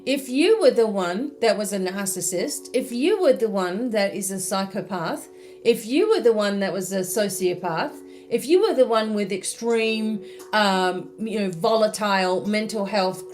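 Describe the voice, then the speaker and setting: A woman's voice: medium pitch, expressive, a little slow, darkish tone, soft background music. An Australian woman speaking as a spiritual mentor in a live-stream monologue, chatty and full of "you know" and "right?".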